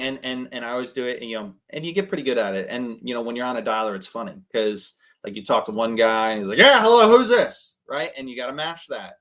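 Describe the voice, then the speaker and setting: A man coaching cold callers in a chatty, energetic way, full of fillers and restarts. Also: mid-range voice. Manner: acts out phone calls, shifting his tone to match others. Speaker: real estate investor coaching cold callers. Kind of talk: casual coaching talk on a video call.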